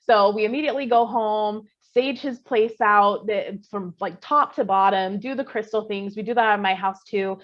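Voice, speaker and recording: A woman telling a spooky story to a friend on a podcast, chatty and animated, full of fillers and the odd curse. Her voice sits at a middle pitch. The recording sounds a little dull and lo-fi. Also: normal speed, few pauses. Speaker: podcast co-host. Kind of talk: casual scary storytelling.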